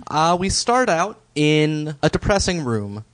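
A man's voice: a little high, sing-song, unhurried, fairly bright tone. A man co-hosting a podcast in a casual chat, dry and wry, easygoing as he recaps a TV episode. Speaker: podcast co-host and editor.

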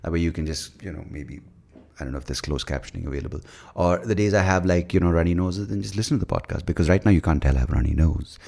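A man rants alone on his podcast. His voice sits very low. He rambles from point to point with crude jokes and plenty of swearing. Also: fast, creaky, warm tone. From India. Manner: profane, rambling, joking. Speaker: podcast host. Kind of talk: solo podcast rant.

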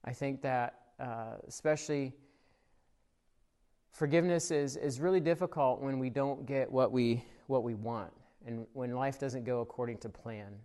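A pastor delivers his sermon in a relaxed, chatty style, telling stories packed with filler words. His medium-pitched voice moves at a normal speed, getting louder and more animated as the story excites him and softening when he turns reflective. The church service was recorded for an online audience.

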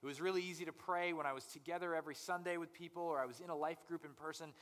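A young man preaching a conversational sermon as pastor, animated and acting out people's inner voices. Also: on the high side, rapid-fire, long reverb tail.

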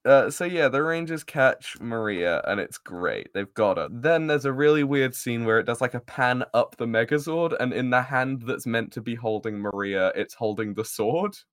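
A man's voice: medium pitch, moderate pace, hardly any pauses, clean tone. A man in casual podcast chat, recapping an episode with frequent laughs, filler words and swearing. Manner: giggly, rambling, swears freely.

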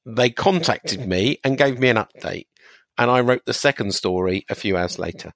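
A man with an Estuary English accent talks as a laid-back podcast co-host and football reporter, agreeable and fond of explaining at length. His voice sits at an ordinary pitch. The recording is dry and close. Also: moderate pace, fairly bright tone, no echo. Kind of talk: casual chat.

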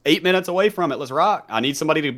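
A man's voice: a little high, lively intonation, very fast, a bit bright. A man in his thirties with a mild Southern American accent, chatting casually as a podcast guest, rambling and laughing as he goes. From Southern United States. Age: 30s.

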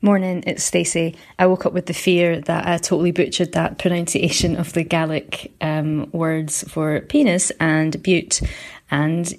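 A woman from Scotland with a softened Aberdeen accent, leaving an earnest, apologetic voice message for a podcast. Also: on the low side, level tone, unhurried, a little hiss or hum. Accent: Aberdeen Scottish, softened. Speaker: caller. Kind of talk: recorded voice message.

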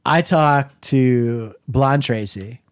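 A middle-aged man in a laid-back storytelling mood, wry and unhurried. His voice sits at an ordinary pitch and comes across dry and close, with no room around it. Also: clear, resonant tone, dry recording. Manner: wry, laid-back, quotes himself in a low mumble. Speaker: podcast host. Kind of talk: casual storytelling.

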